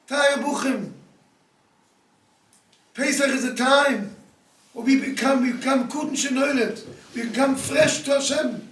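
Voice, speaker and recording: High-voiced man preaching in an echoey room. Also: a bit bright. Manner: earnest, pleading, hammers points by repeating them. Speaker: rabbi giving a talk. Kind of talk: storytelling sermon. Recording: echoey room, speaker far from the mic.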